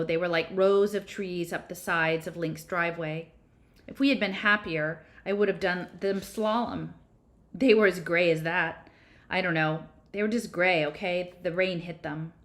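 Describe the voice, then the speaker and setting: A woman's voice: fairly low pitch, normal speed. A woman reading a novel aloud, narrating in a casual, slangy first-person voice. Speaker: reader.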